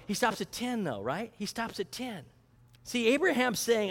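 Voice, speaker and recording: High-voiced pastor preaching in a hall. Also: male voice, sing-song, normal speed, a bit bright. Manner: conversational, asks questions and answers them; acts out prayers and a mock auction. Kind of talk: sermon.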